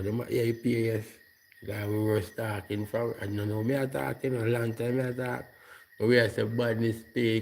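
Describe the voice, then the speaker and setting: A man's voice: on the low side, darkish tone. A Jamaican man talking to camera in a loose, rambling monologue full of patois fillers, outdoors at night. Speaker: vlogger.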